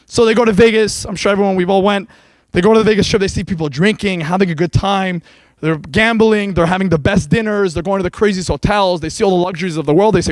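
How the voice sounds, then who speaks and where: A male rabbi giving a sermon to beginners, with a fairly high voice. He is an animated storyteller who talks directly to the crowd. The sound is dry and close. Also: fast, dry recording. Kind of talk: sermon for beginners at an evening event.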